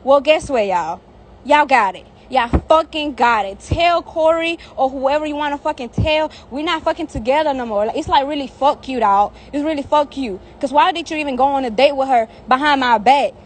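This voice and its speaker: A woman's voice: high voice, moderate pace, a little hiss or hum. A young woman on a phone live stream outdoors, ranting heatedly with lots of profanity and repetition. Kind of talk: angry live-stream rant. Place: outdoors in the heat.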